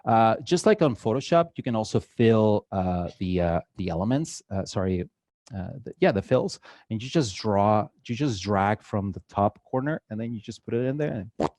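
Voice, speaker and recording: A man's voice: lowish voice, animated, moderate pace, darkish tone, no room sound. A man with a Mexican accent giving a live drawing workshop to an audience, chatty and joking with many filler uhs. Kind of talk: casual live demo talk to an audience. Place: event hall with an audience.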